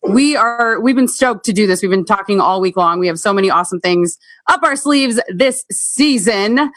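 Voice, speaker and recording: A woman's voice: mid-range voice, expressive, normal speed, fairly bright tone, dry recording, clean studio sound. Upbeat female podcast co-host. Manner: upbeat and chatty. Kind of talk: casual chat.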